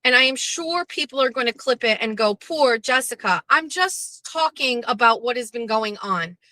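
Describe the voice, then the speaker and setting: A woman's voice: fairly high pitch, expressive, normal speed, sharp tone, no echo, poor audio. Blunt, profane woman venting in a car. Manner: blunt, profane, rambling with restarts. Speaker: host. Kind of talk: candid venting monologue. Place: parked car.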